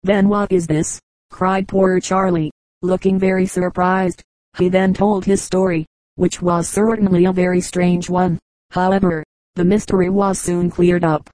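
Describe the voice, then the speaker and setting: A woman reading a children's story aloud as an audiobook narrator, in an even, measured way. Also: fairly low pitch, no room sound, rough recording. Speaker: audiobook reader. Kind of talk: scripted narration.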